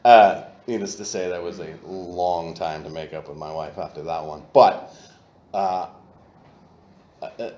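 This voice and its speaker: A man telling his recovery story at a meeting, candid and profane, and he gets loud when he acts out old moments. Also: low voice, roomy sound. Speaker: AA meeting speaker. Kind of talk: personal recovery talk. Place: meeting room.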